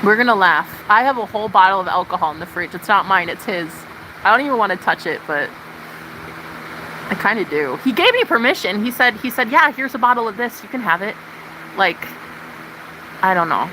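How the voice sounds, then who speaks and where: A woman livestreamer ranting to her chat in casual, profane, animated talk. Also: mid-range voice, brisk, background noise.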